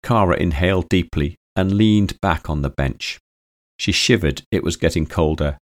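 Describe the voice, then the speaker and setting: Brief: male story narrator, deep low voice, dry close recording, steady even delivery. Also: normal speed, dry recording. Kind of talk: audiobook storytelling.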